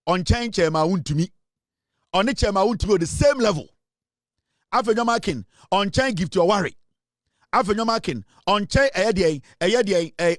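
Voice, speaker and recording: A Ghanaian man delivering fiery news commentary in a high, ringing voice. He is emphatic and forceful and moves freely between English and Twi, recorded close and dry with no room sound. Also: no echo. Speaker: political commentator.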